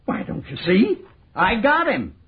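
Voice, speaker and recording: An actor playing a boastful, chuckling prison governor in a 1940s radio drama, heard over a tinny old broadcast. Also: male voice, mid-range voice, big pitch swings, normal speed, breathy edge, exaggerated voice. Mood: gloating. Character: boastful American prison governor, middle-aged man.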